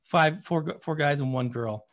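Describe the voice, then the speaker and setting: A man who works as a therapist and running coach tells a story in casual conversation, animated and acting out quotes, with many fillers like "you know" and "man." His voice is a little high, at a moderate pace.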